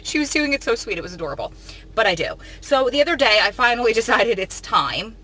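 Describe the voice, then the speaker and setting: A woman chatting straight to her viewers in a bright, clear voice with a faint hum of ambience behind her. She rambles from one thought to the next, full of "um" and "like," and keeps things jokey and light. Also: fairly high pitch, expressive, fast, low-quality recording. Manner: chatty, rambling, many fillers; laughs easily, jokey. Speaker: vlogger. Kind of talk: casual vlog chat.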